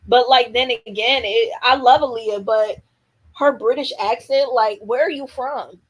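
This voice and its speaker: A woman's voice: on the high side, unhurried, rough recording. A young woman hosting a casual livestream, candid and opinionated, talking in slang and answering viewer comments. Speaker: livestream host. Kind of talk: casual live-stream chat reacting to viewer comments.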